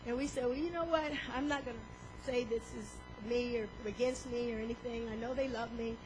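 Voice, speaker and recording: A woman preaching a sermon, animated, acting out inner voices and swinging between loud and soft. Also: a little high, a little fast, background noise.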